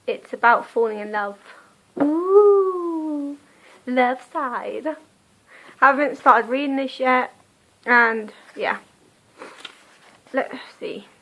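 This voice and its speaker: Recorded roughly on a phone camera, this book review vlog features a young British woman with a British accent who rambles chattily and keeps interrupting herself. Her voice is on the high side with a sharp tone.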